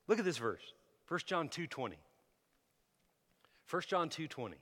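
A man preaching in a church with a bright, somewhat high voice that rings out through a reverberant hall. He tells stories in an easy, conversational way, then pushes into loud, emphatic exhortation. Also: very animated, measured pace, long pauses. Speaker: pastor. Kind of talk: sermon.

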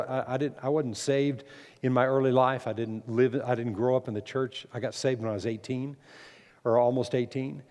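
A man preaching a sermon as pastor, emphatic, climbing to loud peaks and then dropping low. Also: long reverb tail.

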